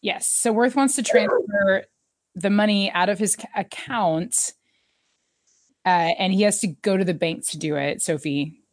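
A woman's voice: medium pitch, unhurried, no room sound. Chatty woman in a dry room. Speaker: podcast co-host. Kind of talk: casual chat recapping a TV episode.

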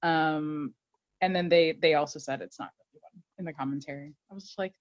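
A woman's voice: low voice, a little fast, dry recording, highs cut off. A woman co-hosting a podcast, chatting casually and animatedly as she recaps a TV episode with laughter. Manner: animated, laughing, acts out quotes. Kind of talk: casual chat.

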